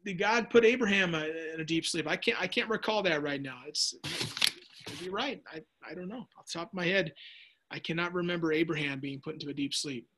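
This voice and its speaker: Brisk and bright, with a forceful tone and a slightly high voice, a man runs a relaxed Bible study lesson and responds to questions viewers type in. He chats, jokes on the side, and restarts sentences midway. A little hiss or hum can be heard.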